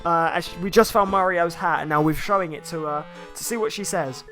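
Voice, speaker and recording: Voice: mid-range voice, a little fast, hardly any pauses, bright, forceful tone, soft background music. A game streamer, giving casual live gameplay commentary, explaining and greeting viewers in chat.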